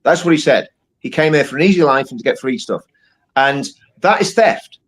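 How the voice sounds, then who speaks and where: A man's voice: a little high, fast, slightly rough. A man on a live stream panel, talking heatedly, making accusations and repeating his points. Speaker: panel guest.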